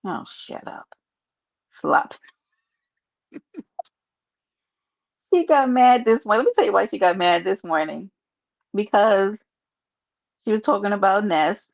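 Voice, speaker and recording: A woman's voice: mid-range voice, lively intonation, unhurried, gravelly, long pauses. A woman with a New York accent hosting a casual livestream, chatting sassily and reading her chat aloud. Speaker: livestream host. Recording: dull lo-fi stream audio.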